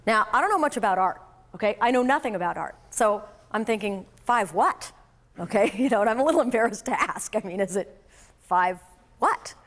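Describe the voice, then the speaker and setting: A woman giving a motivational sales talk to an audience, telling a lively personal story in a conversational way. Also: medium pitch, fast talker. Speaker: sales trainer.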